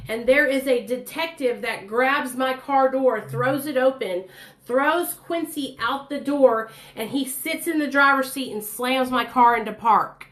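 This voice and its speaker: Blunt, profane woman telling her story. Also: high-pitched. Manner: blunt, profane, animated, acts out quoted voices. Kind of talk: casual storytelling monologue.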